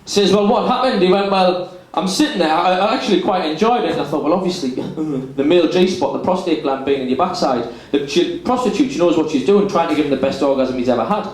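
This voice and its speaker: A man's voice: a little high, brisk. A young man doing crude, blunt stand-up storytelling on a club stage, acting out the dialogue. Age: young adult. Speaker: stand-up comedian. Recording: very echoey club room.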